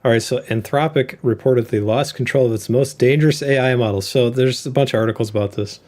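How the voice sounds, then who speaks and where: A man's voice: medium pitch, fast, darkish tone. A man co-hosting an investing show, joking and interrupting in casual chat. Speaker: co-host.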